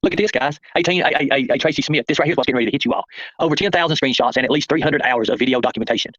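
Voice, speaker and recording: A man rattles off a confrontational livestream monologue at a very fast clip. His voice sits at a middling pitch, and the sound is close and dry. The audio is dull and lo-fi. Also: fairly bright tone, no echo. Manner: confrontational, addresses viewers and chat by name. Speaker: livestream host.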